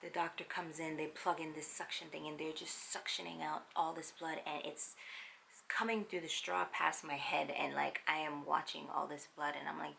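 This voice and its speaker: Wry storytelling woman with gravelly voice. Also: deep voice, a little hiss or hum. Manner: animated, wry, quotes others in quick asides. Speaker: vlogger. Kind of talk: casual storytelling.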